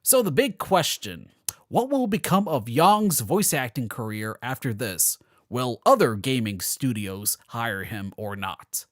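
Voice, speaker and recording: A man's voice: medium pitch, lively intonation, unhurried, no room sound, clean studio sound. A man narrating a scripted commentary video, with sarcastic, mocking asides.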